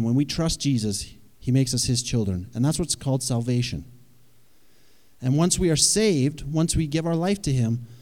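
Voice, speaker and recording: A man's voice: mid-range voice, dark tone. Man preaching in a reverberant hall. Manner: conversational, asks the audience questions. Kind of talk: sermon.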